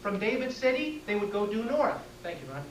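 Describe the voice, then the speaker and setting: A man's voice: high-pitched, very animated, brisk. A man lectures to a class and answers its questions plainly and directly. He is taped from a distance in an echoey room, with a faint hiss behind him.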